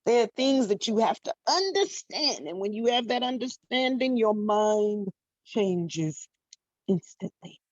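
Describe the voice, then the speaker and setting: A woman's voice: on the high side, lively intonation, a little slow, no room sound. A middle-aged woman life coach giving a motivational monologue, emphatic and blunt, repeating her phrases and swearing freely. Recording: dull dry lo-fi recording.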